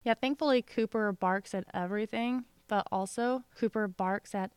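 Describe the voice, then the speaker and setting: A woman joins the chat over a remote call, and the recording of her voice sounds dry, with no room around it. Her pitch is middle of the road. She drops quick, teasing asides with dry humor throughout. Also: darkish tone, clear, resonant tone, no echo. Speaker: podcast co-host. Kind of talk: casual chat.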